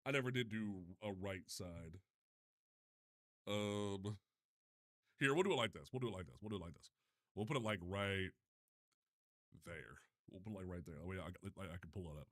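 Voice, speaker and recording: A man's voice: low voice, moderate pace, long pauses. A young man hosting a casual live stream, flustered and swearing while he fixes his chat setup. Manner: flustered, swearing, restarts often. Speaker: livestreamer.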